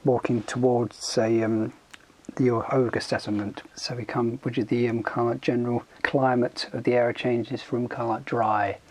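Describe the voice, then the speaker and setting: A man's voice: mid-range voice, level tone, normal speed. A young man narrating a tabletop game as game master, laid-back and giggling often.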